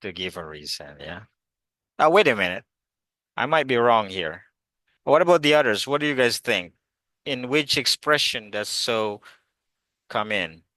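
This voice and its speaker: A man's voice: medium pitch, lively intonation, measured pace, long pauses, sharp tone, no room sound. A man teaching an online English class, encouraging students and calling on them by name.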